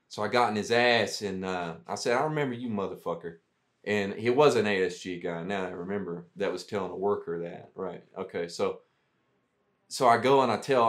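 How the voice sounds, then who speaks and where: Man, low voice, profane war stories, rambling, podcast guest. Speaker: veteran guest. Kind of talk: casual storytelling.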